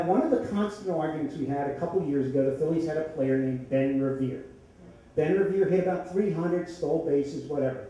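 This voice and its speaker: Older man, live storyteller, wry conversational tone, mellow voice, echoey hall with faint noise. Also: on the high side, recorded from a distance. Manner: wry, conversational, deadpan punchlines. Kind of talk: live story slam telling. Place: stage in an echoey hall with an audience.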